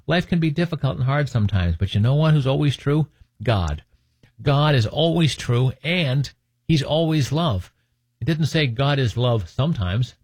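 A man's voice: mid-range voice, darkish tone, slightly rough, no echo. A man teaching from the Bible in a conversational way, reading scripture aloud and adding joking asides. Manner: joking asides, laughs at his own points; reads scripture aloud, then comments on it.

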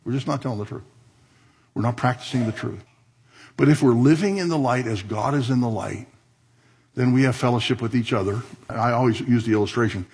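A man preaching a sermon in a strongly husky, raspy voice. He reads scripture aloud, then breaks into conversational comments and dry asides, and keeps it plain and direct with the congregation. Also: medium pitch, brisk, darkish tone. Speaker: pastor.

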